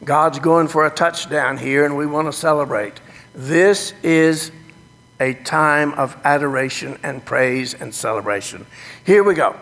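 A man, a pastor teaching his congregation about worship in a sermon, animated with folksy exclamations, in a church sanctuary. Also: on the high side, unhurried. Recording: echoey sanctuary reverb.

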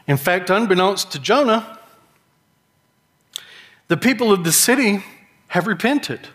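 A man's voice: high-pitched, lively intonation, a little slow, long pauses, fairly bright tone, big-room sound. A middle-aged man, preaching a sermon in a folksy storytelling way and mimicking characters' whining voices. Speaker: pastor.

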